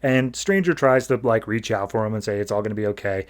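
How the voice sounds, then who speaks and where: A man co-hosting a podcast, loosely recapping a comic issue in a chatty, filler-heavy way with quick paraphrased character asides. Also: on the low side, lively intonation. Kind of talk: casual comic-book recap.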